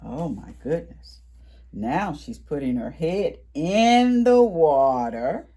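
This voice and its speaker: Woman, storytime reader, picture book for little kids, low gravelly voice, husky, slow, lively pitch, gasps and whispers. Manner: animated, with gasps and whispered asides to the children. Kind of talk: reading a picture book to preschoolers.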